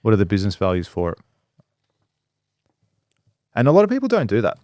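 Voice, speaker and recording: Man, business-owner co-host, blunt and foul-mouthed, mid-pitch, dry close sound. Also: fairly quick, no echo. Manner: blunt and profane, acts out quoted people in lively voices. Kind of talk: casual podcast discussion.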